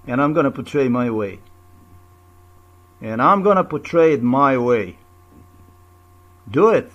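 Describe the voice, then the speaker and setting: A man's voice: medium pitch, animated, slow, long pauses, highs cut off. A man in a confrontational, repetitive video rant, full of rhetorical questions and swearing. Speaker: vlogger. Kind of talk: angry personal video rant.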